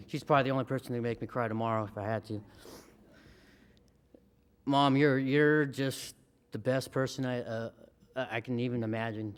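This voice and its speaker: A man's voice: mid-range voice, smooth. A man in his thirties giving a heartfelt, emotional acceptance speech as a hall of fame inductee.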